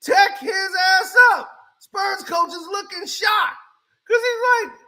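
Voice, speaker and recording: A man doing casual, animated reaction commentary on a basketball clip, mocking and shouting as he reacts. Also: extremely high pitch, drawn-out words. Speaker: sports commentary streamer.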